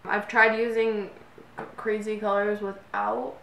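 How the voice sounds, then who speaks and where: Here a young woman chats casually while doing her makeup for a get-ready-with-me vlog, rambling and filling pauses often. Her mid-range voice is gravelly and fairly bright, level in tone and measured in pace, captured from afar on a camera mic with room echo and slight noise.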